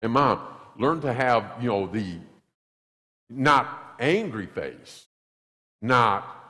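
A male pastor preaching a sermon in a church, emphatic and animated, acting out little scenes. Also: medium pitch, drawn-out words, in a large hall. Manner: animated, acts out quotes, emphatic repetition. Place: church sanctuary.

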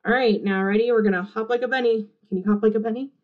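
Cheerful kindergarten teacher woman, high voice. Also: fast, narrow, tinny audio. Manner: animated, encouraging, sing-song teacher voice. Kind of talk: interactive read-aloud for young children.

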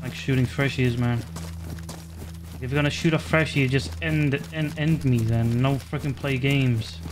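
Excitable man narrating his gameplay. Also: medium pitch, measured pace, background noise. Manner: excitable, swears and cuts himself off. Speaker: gaming streamer. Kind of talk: casual gameplay commentary.

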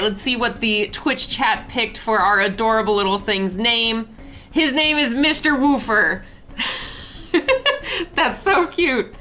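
Young woman artist-host, chatty voice-over, bright voice pitched a little high, faint music underneath. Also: poor audio. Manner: chatty, bubbly, lots of filler "like". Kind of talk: casual voice-over recap of a drawing.

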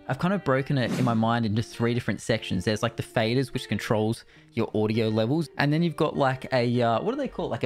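A young Australian man reviewing his streaming gear in a casual, excited way, swearing freely, on a studio mic in his streaming room. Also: mid-range voice. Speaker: Twitch streamer. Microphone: studio dynamic mic.

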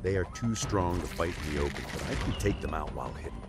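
A man voicing a calm male hero in a video game, measured and soft-spoken. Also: deep voice. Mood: wary. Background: game music.

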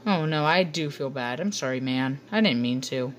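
A woman's voice: extremely low pitch, expressive, moderate pace, a little hiss or hum. A woman giving playful, rambling commentary over gameplay to her viewers on a computer microphone. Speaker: gaming channel host.

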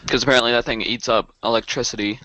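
Man, Texan accent, laid-back gaming chat, bright tone, dry close sound. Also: mid-range voice, steady tone, fast, dry recording. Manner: laid-back, mumbling while eating. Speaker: co-player. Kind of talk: casual gaming chat over voice call.

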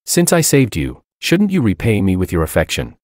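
A bold young woman doctor teases softly, close to the ear, as a male narrator takes her part. The voice stays deep, though it lifts a little for her, with a dry, close sound. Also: wildly swooping pitch, moderate pace, no room sound. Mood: teasing. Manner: teasing, whispered close to the ear.

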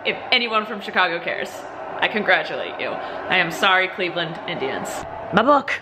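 A woman's voice: fairly low pitch, animated, normal speed, noisy background. A young woman vlogging casually to a handheld camera, chatty and playful, rambling through asides. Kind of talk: casual vlog chat to camera. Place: home, car and grocery store.

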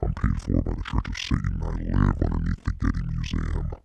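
A man using a voice changer to play a crude parody of a woman talk-show host, deadpan and obscene. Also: fairly quick, creaky, soft background music, heavily acted. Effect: deep voice changer.

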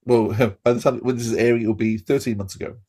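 A man co-hosting a podcast, cheerful and quick to laugh. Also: medium pitch, steady tone, mellow. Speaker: podcast co-host. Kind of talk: casual podcast chat.

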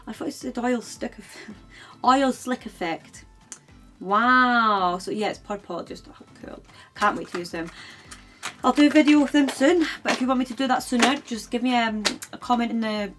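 A woman's voice: mid-range voice, a bit bright. A woman beauty vlogger chatting to camera in a casual haul video, gushing and filling her sentences with "like" and "um.". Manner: gushing, chatty, heavy use of "like" and "um". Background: background music.

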